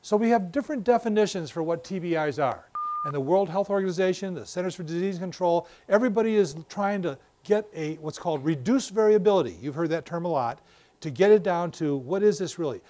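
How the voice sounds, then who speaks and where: Older male lecturer, high voice, lively storyteller who acts out everyday examples. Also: a little fast, slight background noise. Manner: animated storytelling with acted-out examples. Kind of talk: professional lecture. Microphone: battery-powered wireless mic.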